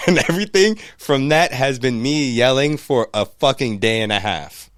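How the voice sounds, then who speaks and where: A man's voice: medium pitch, moderate pace, no echo, clean studio sound. A man co-hosting a casual podcast, telling a story with lots of swearing and quoted back-and-forth. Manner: profane, animated retelling with quoted voices. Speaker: podcast co-host.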